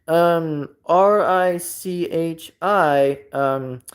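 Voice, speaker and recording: Man, slightly high voice, casual live stream chat, rambling, lots of fillers. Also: very slow. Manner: rambling, repeats himself with many fillers.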